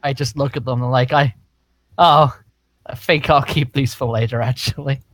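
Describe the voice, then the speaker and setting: A young man playing a tabletop game, playful and teasing, sometimes jumping into a high put-on voice. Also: fairly even intonation, moderate pace, fairly bright tone, no room sound. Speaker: player. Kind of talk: casual tabletop role-play.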